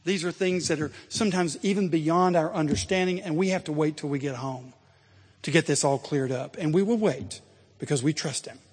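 Pastor guy preaching loud and emphatic, kinda high husky voice, big echoey church sound. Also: moderate pace. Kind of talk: sermon.

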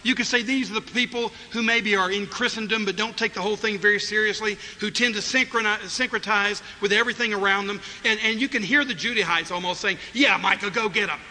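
A man's voice: high-pitched, quick pace, few pauses, pushed and bright. A man preaching an expository sermon, emphatic and acting out the voices he quotes. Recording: reverberant hall, faint noise.

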